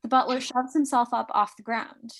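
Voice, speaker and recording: Woman briskly reading stage directions. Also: a little high, steady tone, creaky. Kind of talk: live script reading.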